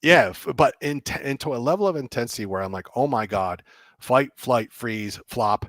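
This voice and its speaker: A man, a game developer, telling animated stories as a guest and acting out people's reactions with frequent laughs. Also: medium pitch, normal speed, no room sound. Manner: excitable, acts out reactions, laughs often. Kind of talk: animated storytelling.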